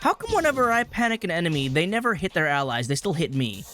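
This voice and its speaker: A male let's play host rambling wryly about the game as he plays. His voice sits a touch high and bounces around with lively inflection. Faint game music plays behind him. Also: fast talker. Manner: wry, rambling gamer chatter.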